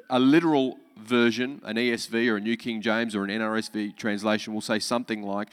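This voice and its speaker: A man's voice: lowish voice, fairly quick, hardly any pauses, smooth, in a large hall. A man preaching a sermon as pastor, emphatic, repeating key lines with joking asides.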